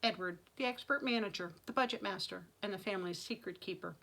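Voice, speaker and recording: A woman author reading her own fantasy novel aloud with dramatic, expressive narration. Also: mid-range voice, quick pace, gravelly, rough recording. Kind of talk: audiobook-style fantasy reading.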